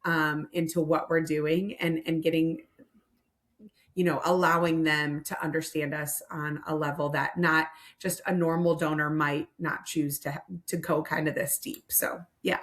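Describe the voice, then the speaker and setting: Woman, middle-aged, nonprofit leader, earnest, reflective, slightly low pitch. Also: level tone, unhurried, a bit bright. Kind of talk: podcast interview.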